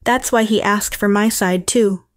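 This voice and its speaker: A woman's voice: medium pitch, fairly even intonation, unhurried, dry recording. Woman narrator for a story channel, matter-of-fact, dry close sound. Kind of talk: first-person story narration.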